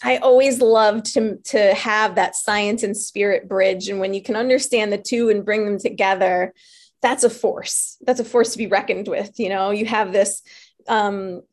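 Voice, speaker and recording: A woman's voice: mid-range voice, normal speed. A woman from New York telling her story casually, acting out voices and laughing often. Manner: animated, acts out her own and others' voices in quotes; laughs often while talking.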